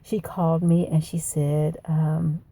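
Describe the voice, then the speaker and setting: A woman's voice: sits low, little pitch movement, takes it slowly, mellow. A middle-aged woman recording a personal video journal, telling her story in a rambling, emotional way. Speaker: video diarist.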